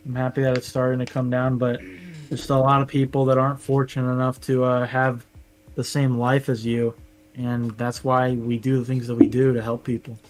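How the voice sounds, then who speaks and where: A man's voice: mid-range voice, completely flat delivery, brisk, poor audio. A young man co-hosting a casual podcast, talking earnestly and rambling a bit. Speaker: podcast co-host. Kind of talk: casual chat.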